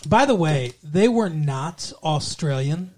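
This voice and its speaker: A man's voice: a little high, expressive, slow, a little mellow. Sarcastic, swearing man podcast co-host. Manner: sarcastic, profane, jokey. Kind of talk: casual chat recapping a TV episode.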